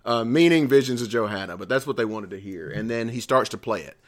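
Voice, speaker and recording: A man chats on a podcast. He tells long, rambling stories in a lively voice that swings widely in pitch. He swears freely and laughs often. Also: fast. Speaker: podcast co-host. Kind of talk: casual chat.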